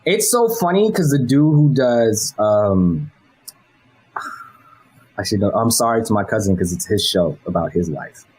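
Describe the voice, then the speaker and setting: A man from Los Angeles talks as an interview guest, his voice husky and a little breathy. He rambles loosely through his answers, swearing casually and laughing along the way. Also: on the low side, lively intonation, measured pace, a little mellow, low-quality recording. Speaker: guest, animation director.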